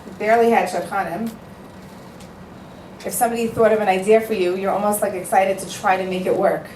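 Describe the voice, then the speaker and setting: Woman speaker at an event, emphatic and heartfelt, mid-pitched, light room noise. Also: steady tone, a little fast, a little mellow. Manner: emphatic, storytelling, repeats for effect. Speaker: matchmaker giving a speech. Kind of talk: earnest speech to an audience. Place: event hall with a live audience. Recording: echoey hall, voice picked up from a distance.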